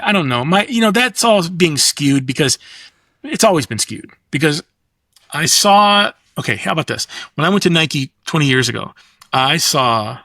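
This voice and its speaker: A middle-aged man chatting as a podcast guest, rambling and profane as he tells animated stories. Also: mid-range voice, no echo. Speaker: guest designer. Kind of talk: casual podcast chat.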